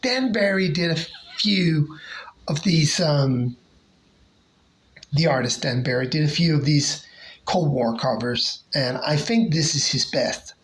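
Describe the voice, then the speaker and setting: A comic collector casually showing off favorite covers, talking hesitantly with lots of pauses and restarts. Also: medium pitch, animated, rough recording. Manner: hesitant, many fillers and restarts.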